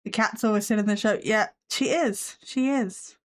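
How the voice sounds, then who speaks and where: A woman's voice: medium pitch, normal speed. A woman hosting a casual live stream from her desk at home, chatting with viewers and her cat with a sarcastic, self-mocking humor.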